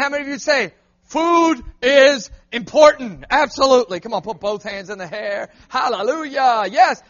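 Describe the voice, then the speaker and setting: A man preaches an animated call-and-response sermon in a church. The recording sounds a little muffled. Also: very high-pitched. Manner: animated, asks the crowd to answer back.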